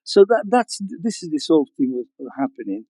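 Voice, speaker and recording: Older man from Libya, guest speaker, higher voice, halting delivery, dry close sound. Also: very animated, dark tone, no echo, rough recording. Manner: halting, with frequent restarts and chuckles. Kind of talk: recounting family history to an audience.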